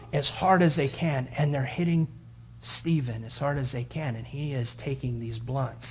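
A man preaching a sermon, acting out the story with loud outbursts and hushed whispers. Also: mid-range voice, slight background noise. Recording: dull lo-fi sound.

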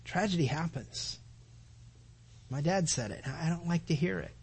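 A man preaching a sermon as a pastor, earnest, repeating his phrases and building to loud emphatic peaks. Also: fairly high pitch, a little slow, vocal fry, slight background noise.

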